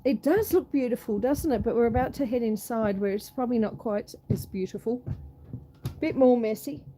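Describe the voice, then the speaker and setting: A woman's voice: on the high side, normal speed, background noise. A woman chatting to her viewers on a homestead vlog as she walks from the cold outdoors into her house, cooing at her pets along the way. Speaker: homestead vlogger. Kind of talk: casual walk-and-talk vlog. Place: outdoors in freezing fog, then indoors in a house.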